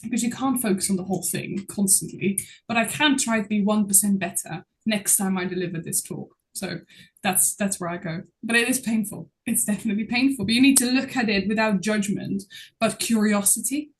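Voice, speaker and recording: A woman guest talking as a public speaking coach in a casual interview, expressive and laughing often as she speaks. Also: medium pitch, brisk.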